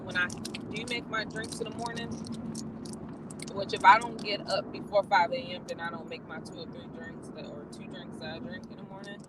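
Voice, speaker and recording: A vlogger chatting casually while driving, bursting into excited exclamations. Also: medium pitch, normal speed. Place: car on the road. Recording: loud road noise from driving.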